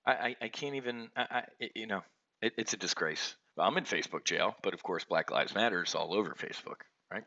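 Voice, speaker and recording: An American man rants angrily as he hosts a trading show, stumbling and restarting mid-sentence. His voice sits a little low but comes out bright and forceful. The recording is dull and lo-fi. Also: fairly quick. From United States. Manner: angry, ranting, many restarts and stammers. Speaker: options trading show host. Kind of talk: ranting market commentary. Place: home office with trading computers.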